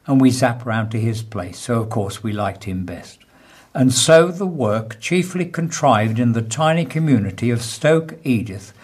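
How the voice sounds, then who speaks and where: A man presenting on the radio, reading and telling jokes with lively storytelling and raised voices for quoted characters. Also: mid-range voice, breathy edge. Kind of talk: casual joke-telling and reading.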